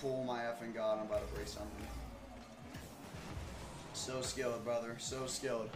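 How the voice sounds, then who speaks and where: A young man streaming a game, frustrated and ranting, with lots of swearing, dropping from low mutters to loud yells. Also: little pitch movement, moderate pace, over music.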